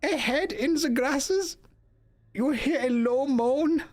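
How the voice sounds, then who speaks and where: A man putting on an exaggerated mock-German accent and a high, slow, theatrical voice to read out a gamebook. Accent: put-on German. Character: over-the-top mock-German male gamebook narrator.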